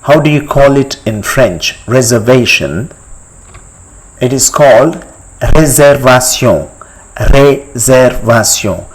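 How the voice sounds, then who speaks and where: Guy teaching vocab real slow, repeats every word, voice goes up and down a lot, asks u to answer. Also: medium pitch, animated, husky, rough recording. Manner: slow, deliberate, repeats each word for practice; asks the listener questions and pauses for answers. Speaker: language teacher. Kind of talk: step-by-step language lesson.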